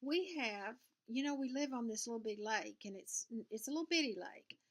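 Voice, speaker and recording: An older woman with a Southern US accent talks casually to the camera from her home sewing room, rambling in a folksy way as a cross-stitch vlogger. Her voice is fairly high and a bit bright, expressive, with a moderate pace.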